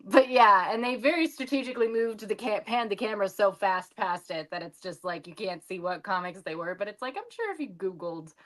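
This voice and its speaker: A woman co-hosting a podcast in casual conversation, dropping dry, matter-of-fact asides in a steady, mid-range voice. She talks plainly and without fuss. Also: medium pitch, fairly quick, few pauses. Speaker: podcast host.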